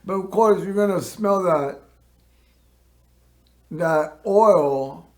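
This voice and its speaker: A man hosting a local TV show, telling a personal story in a rambling way and often clearing his throat. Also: high-pitched, drawn-out words. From Northern California. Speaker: host.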